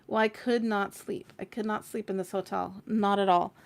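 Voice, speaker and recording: A woman hosts her own tarot stream and tells a story off the cuff. She sounds chatty and animated and swears casually. Her voice sits in an ordinary middle pitch for a woman. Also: normal speed, vocal fry. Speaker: tarot reader and stream host.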